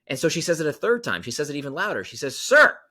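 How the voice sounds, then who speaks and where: Animated, emphatic male podcast guest. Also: a little high, rapid-fire. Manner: emphatic, repeats key phrases for effect. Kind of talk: animated storytelling explanation.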